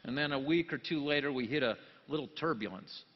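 A pastor giving a jokey sermon, dropping to quiet asides and then rising into loud, emphatic bursts. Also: male voice, mid-range voice, brisk. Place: church sanctuary. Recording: long church reverb, dull lo-fi sound.

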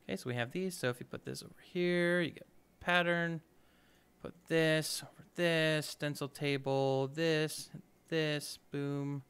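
A man hosting a let's play, talking through his moves in an upbeat, chatty way and thinking aloud. His voice sits a little high and is smooth and clear. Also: fairly even intonation, unhurried, fairly bright tone. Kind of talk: casual gameplay commentary.

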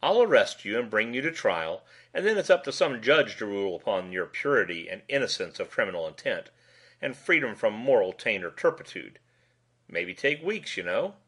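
A man's voice: lowish voice, very animated, normal speed, a bit bright, husky, heavily acted. A man voicing a sly, amused male police lieutenant who talks in a wordy, mock-formal way.

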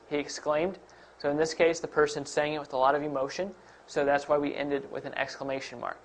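A man teaching a test-prep grammar lesson, explaining step by step with a few fillers and restarts. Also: fairly high pitch. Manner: explains step by step while pointing at examples; uses fillers and slight self-corrections. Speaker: instructor.

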